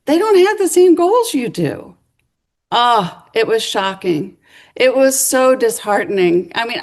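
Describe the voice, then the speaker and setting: A middle-aged woman giving a lecture, telling a story in a lively way and acting out the voices of people she quotes. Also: medium pitch. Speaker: speaker. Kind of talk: university lecture.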